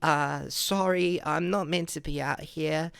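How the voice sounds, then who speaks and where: Small, timid boy voice, high and softly spoken, put on by a man. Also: fairly even intonation, measured pace, vocal fry, clean tone, no echo. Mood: meek. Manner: meek and apologetic. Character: timid little boy, apologetic.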